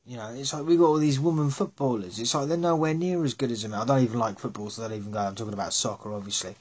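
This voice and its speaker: A husky-voiced man holding forth in a casual rant, his tone grainy and slightly breathy. He talks bluntly and scornfully, leaning on sarcasm and the odd curse, sitting in an unremarkable middle pitch. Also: very fast, darkish tone.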